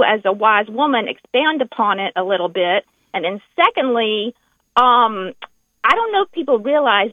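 A woman with a Southern US accent calling in to a radio show, halting and heartfelt, with many restarts. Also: on the high side, no echo. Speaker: radio caller. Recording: tinny phone line.

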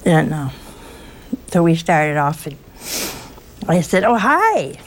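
A woman's voice: low-pitched, steady tone, takes it slowly, a little mellow. A woman giving an informal sermon, telling chatty, teasing stories with a folksy touch. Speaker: religious speaker.

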